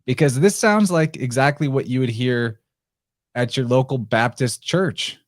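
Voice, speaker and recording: A man hosting a podcast, reading old prophetic verse aloud in a slow, solemn way and explaining it. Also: mid-range voice, no echo, clean studio sound. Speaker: podcast host.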